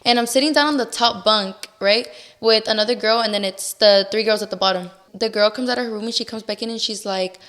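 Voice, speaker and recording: A young adult woman with a medium-pitched, slightly bright voice talks quickly, hardly pausing, as a guest on a podcast. She tells a personal story in a chatty style, saying "like" constantly and acting out what people said.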